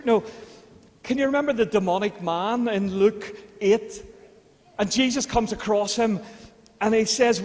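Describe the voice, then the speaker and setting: A man with a Northern Irish accent preaching a sermon in a church, talking in a conversational way that rises to fervent appeals. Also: sits high. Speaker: pastor. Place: church hall. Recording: long church reverb.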